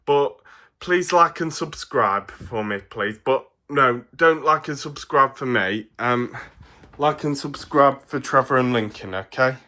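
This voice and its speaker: A man's voice: mid-range voice, a little slow, pushed and bright. Rambling English man with a cold. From England. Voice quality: rambling, laughs often, many fillers. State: has a cold. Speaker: toy reviewer. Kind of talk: casual toy review.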